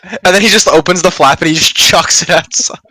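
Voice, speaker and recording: A man's voice: on the high side, fairly quick, pushed and bright, no echo. A man playing a tabletop game, describing his character's actions in a laid-back, playful way. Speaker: player. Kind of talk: casual tabletop play.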